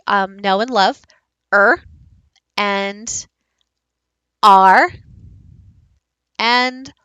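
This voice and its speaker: A woman giving a recorded teaching presentation, explaining slowly and modelling speech sounds aloud. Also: mid-range voice, pushed and bright, clean tone, no echo, poor audio. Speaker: teacher leading a book study.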